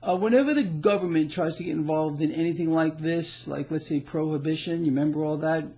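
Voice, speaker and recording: A man with a fairly high voice delivers casual market commentary on his own blog. He talks in an emphatic, boastful way and leans hard on his opinions. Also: fairly quick, darkish tone. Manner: emphatic, boastful, laughs at the news. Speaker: financial blogger.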